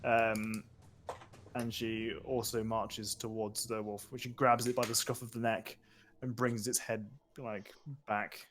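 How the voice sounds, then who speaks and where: A man's voice: fairly low pitch, little pitch movement, a little slow, a bit bright, a little hiss or hum. A man running a tabletop game as game master, narrating scenes and bantering with laughter, over voice chat.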